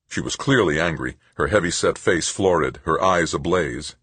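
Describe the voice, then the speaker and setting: Man, audiobook narrator, very deep voice, husky, lively expressive delivery, dry close sound. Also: moderate pace, few pauses, no room sound. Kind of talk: scripted narration.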